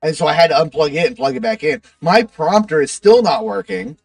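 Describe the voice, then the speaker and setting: A man's voice: a little high, expressive, brisk, dry recording, distant mic. A man chatting casually on his livestream, rambling to his chat with lots of fillers.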